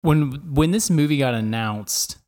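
A man's voice: fairly high pitch, animated, measured pace, darkish tone. A man co-hosting a film podcast, chatting casually and laughing easily, with a rambling, playful way of talking. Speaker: podcast co-host. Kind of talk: casual chat.

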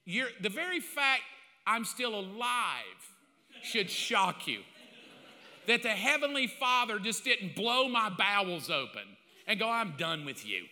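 An older male pastor preaches with a high, piercing, forceful voice. He tells a story on himself, self-mocking and confessional, dropping to near-whispers and then rising again. The sound rings with the long echo of a large hall. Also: very animated, slow. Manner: confessional, self-mocking, swings between loud and hushed. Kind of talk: storytelling sermon.

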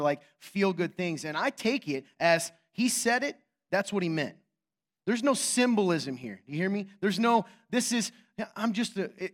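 Lively joking male pastor, higher voice. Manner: animated and joking, teasing the congregation; quick, emphatic, asks rhetorical questions. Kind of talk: sermon.

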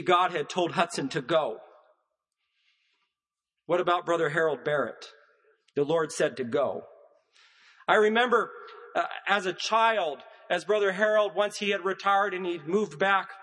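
High-voiced preacher in a reverberant church. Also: male voice, fairly bright tone. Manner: measured preaching cadence with emphatic repetition. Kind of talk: sermon.

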